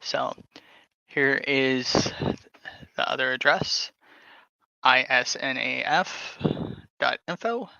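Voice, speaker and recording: A man hosting a podcast, talking casually and haltingly while reading text aloud from his screen. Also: mid-range voice, vocal fry, sharp tone, no echo. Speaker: podcast host. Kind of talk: casual screen-share talk. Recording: dull lo-fi sound.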